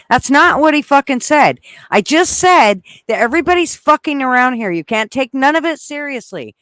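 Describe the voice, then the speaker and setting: A man talks to his live chat in a high, swooping voice that jumps all over the place. He swears constantly and laughs between lines in a rowdy, teasing way. The sound is dry and close, with no room echo. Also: big pitch swings, moderate pace, few pauses, pushed and bright. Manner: profane, rowdy, laughing often. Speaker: livestream host chatting with viewers. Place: indoors, hot weather, near an RV.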